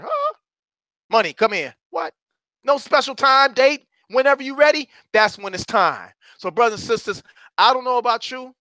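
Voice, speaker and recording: A man giving an animated, playful motivational talk in a preacher-like delivery. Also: sits high, no echo, studio quality. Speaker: motivational speaker.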